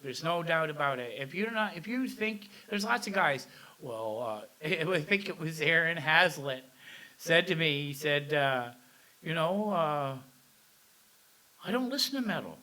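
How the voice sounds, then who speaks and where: A man's voice: a little high, expressive, a little slow, bright, forceful tone. A man chatting as a guest on a casual podcast, talkative and full of restarts. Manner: chatty, lots of fillers and restarts. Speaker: podcast guest, metal radio host. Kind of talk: casual chat.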